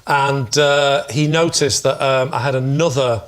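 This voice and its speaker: A man with a Northern English accent, a panel-show team captain telling a comic story in a rambling, quick-witted way. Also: medium pitch. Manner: rambling, quick-witted, laughing at own jokes. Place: TV studio with live audience. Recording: studio audience laughter, noisy.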